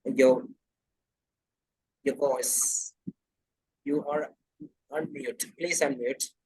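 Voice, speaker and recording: A man's voice: medium pitch, very animated, very slow, vocal fry, darkish tone, breathy edge, low-quality recording. A man hosting an online English class over a video call, moderating turns and prompting speakers. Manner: directive, moderating turns, frequent fillers.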